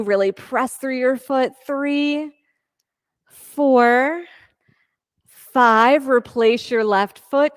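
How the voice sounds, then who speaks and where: A woman leading a yoga class, calmly cueing moves and breaths and counting reps with encouragement. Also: mid-range voice, clear, resonant tone, no echo. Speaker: yoga instructor. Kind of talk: guided yoga class cues.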